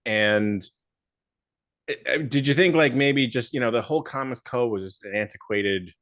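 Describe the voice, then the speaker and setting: A man's voice: medium pitch, moderate pace, fairly bright tone, no room sound, clean studio sound. A man hosting a podcast, asking questions in a hesitant way, searching for words. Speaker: podcast host. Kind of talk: interview questions.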